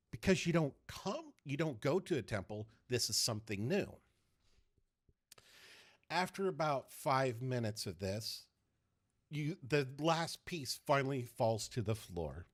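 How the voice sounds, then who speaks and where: A man narrating a tabletop game as game master, telling the scene in an animated way with loose restarts. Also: mid-range voice, takes it slowly.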